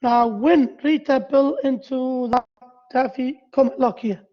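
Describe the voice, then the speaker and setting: A male university lecturer giving a grammar lesson to a class, halting and repeating himself as he quizzes his students. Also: extremely high pitch, fairly even intonation, dull audio.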